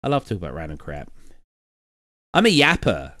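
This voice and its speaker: Rambling British man, lively voice. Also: low voice, brisk, no room sound, studio quality. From Britain. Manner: rambling, energetic, loud bursts. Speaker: live streamer. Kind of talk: casual chat to a live stream.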